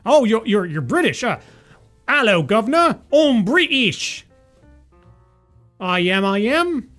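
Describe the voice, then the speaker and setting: A man putting on a silly, high-pitched voice as a mock British man. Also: very animated, brisk, soft background music.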